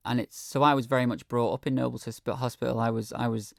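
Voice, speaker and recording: A man's voice: mid-range voice, fairly even intonation, fast, creaky, dry recording, clean studio sound. A man speaking as a guest in a radio interview, earnest and hesitant, with many ums. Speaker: guest, hospital patient. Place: radio studio.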